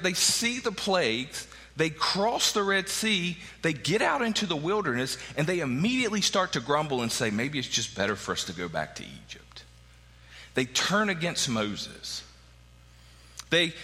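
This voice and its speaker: Preacher man, lively and bright. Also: on the high side. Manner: conversational preaching with frequent "right?" asides. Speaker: pastor. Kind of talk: sermon. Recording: long hall reverb.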